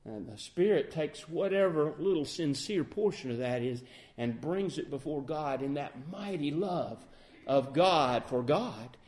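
A man preaching a sermon, earnest and emphatic, reading scripture in a measured cadence and easing into soft reflection. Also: medium pitch. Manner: earnest, rising to emphatic peaks then quieting to soft reflection; quotes King James scripture in measured cadence.

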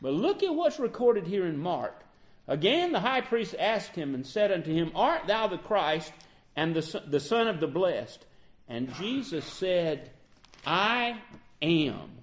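A man preaching a sermon, acting out the quoted dialogue with lively emphasis. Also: high voice, a little slow.

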